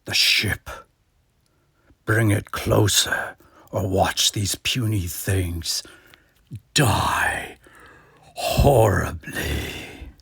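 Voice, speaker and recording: A man voicing a wrathful godlike alien entity, speaking slowly in a low, half-whispered voice. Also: gravelly, a bit bright, husky, no room sound, exaggerated voice. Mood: menacing.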